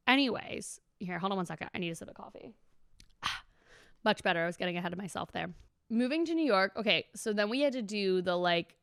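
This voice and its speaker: A young woman in her twenties talks straight to her viewers in a loose, rambling vlog ramble. Her voice is smooth and clear, and the recording is dry and close, with no room sound. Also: mid-range voice, fairly bright tone, no room sound. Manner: rambling and chatty, heavy use of "like", swears casually. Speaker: vlogger. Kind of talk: casual chatty vlog.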